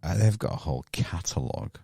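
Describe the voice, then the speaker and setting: A man's voice: sits low, lively intonation, quick pace, dark tone, breathy edge, no echo, studio quality. A man co-hosting a casual podcast chat, rambling, correcting himself and laughing often. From Yorkshire, England. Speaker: podcast co-host.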